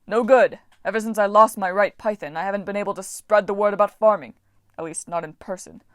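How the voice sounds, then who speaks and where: A woman's voice: mid-range voice, normal speed, dry recording, studio quality, close to an everyday voice. A woman doing a chatty, eccentric god of farming. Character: eccentric male farming god, cheerful and self-absorbed.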